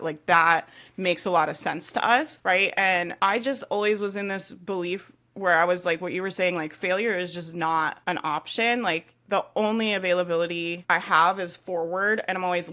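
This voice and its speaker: A woman's voice: fairly low pitch, pushed and bright. A young woman entrepreneur speaking as a guest in a casual podcast interview, emphatic and candid, with casual swearing and many fillers.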